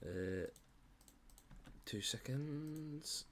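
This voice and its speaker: A man's voice: mid-range voice, animated, drawn-out words, a bit bright. A man running a tabletop game as game master, talking casually, apologizing and swearing freely.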